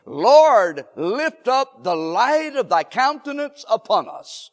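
Male pastor, high voice, emphatic preaching with call and response, recorded in a church sanctuary with long hall echo. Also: big pitch swings, slow. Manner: rising to emphatic shouts, leads call and response. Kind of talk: sermon.

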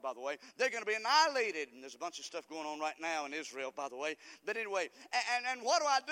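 A man preaching a sermon in a church, fervent, swinging from quiet asides to loud cries. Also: high voice, expressive, quick pace, hardly any pauses. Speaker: pastor. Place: church sanctuary. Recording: long hall reverb.

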